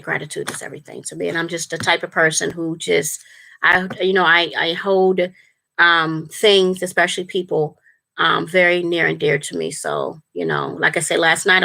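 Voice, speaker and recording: Woman, casual livestream chat, spiritual life coach, earnest and rambling, bright tone. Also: fairly low pitch, creaky. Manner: rambling, earnest, many fillers and restarts. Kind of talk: casual livestream talk to viewers.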